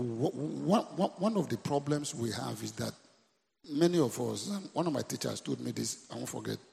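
Gravelly Nigerian pastor preaching in a hall. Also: male voice, mid-range voice, a little mellow. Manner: preachy call-and-response, repeating lines to the congregation. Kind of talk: sermon. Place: church.

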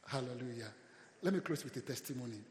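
A Nigerian pastor preaches with a mid-pitched male voice, calling out to the congregation and swelling louder at key points. The sound is roomy, with a long reverb trailing off the walls of a large hall. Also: fast talker. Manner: preaching with call-and-response, loud swells. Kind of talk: sermon.

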